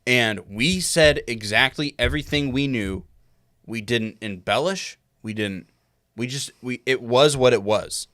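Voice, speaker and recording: A man's voice: medium pitch, a little slow, sharp tone, no room sound. A documentary filmmaker, a man who laughs easily and explains things plainly in casual conversation.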